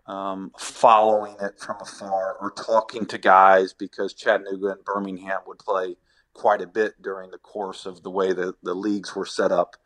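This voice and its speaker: With a deep, slightly bright voice that shows little pitch movement, a middle-aged ex-ballplayer turned sports agent reflects on podcast questions. He speaks haltingly and keeps restarting.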